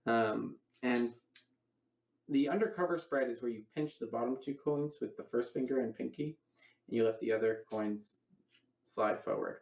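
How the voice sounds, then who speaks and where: A man's voice: mid-range voice, normal speed, vocal fry, darkish tone, roomy sound, poor audio. A man teaching a coin magic routine in a casual online lecture, explaining each step and acting out his patter. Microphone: online voice call.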